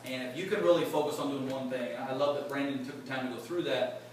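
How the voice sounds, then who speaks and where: A man's voice: mid-range voice, steady tone, fast. Chatty man addressing a crowd in an echoey hall. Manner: chatty, joking, quizzes the crowd. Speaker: sales executive speaking at a company event. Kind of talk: casual motivational talk to a live audience. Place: large echoey event room with an audience. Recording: echoey room, far mic, background noise.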